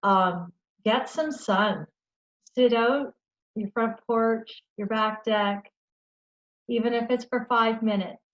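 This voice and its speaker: A woman presenting a webinar for caregivers, talking in a gentle, reassuring way and often checking in with "okay?". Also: on the high side, slow pace, highs cut off. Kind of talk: educational webinar talk.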